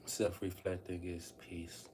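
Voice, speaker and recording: A man's voice: low voice, monotone, takes it slowly, a little mellow, a little hiss or hum. A man casually talking to his viewers on a livestream, rambling and repeating phrases as he addresses them directly.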